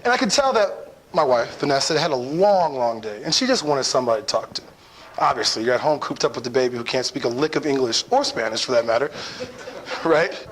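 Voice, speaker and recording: A young man telling a personal story to an audience in a playful, animated way, acting out his own lines and often checking in with "right?". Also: medium pitch, brisk, slight background noise, rough recording. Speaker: speaker telling a personal lesson.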